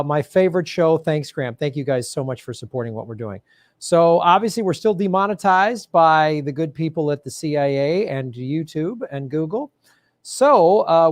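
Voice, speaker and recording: Man, game show host, hammy announcer voice, somewhat high pitch, dry close sound. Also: dry recording. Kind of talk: live-streamed political comedy game show.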